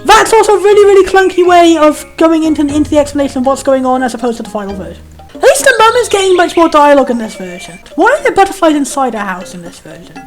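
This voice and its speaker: A woman's voice: high voice, sing-song, fast. A woman giving casual, chatty commentary while playing a video game, comparing it with other versions. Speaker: let's play host. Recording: game music behind.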